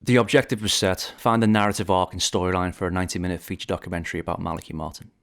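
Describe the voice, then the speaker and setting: A man in his forties from Liverpool tells his story as a podcast host, in a very low, deep voice. He speaks in a measured, reflective way, with a polished radio delivery he calls posh. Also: steady tone. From Liverpool, England. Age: 40s. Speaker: documentary director and podcast host. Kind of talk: scripted podcast narration.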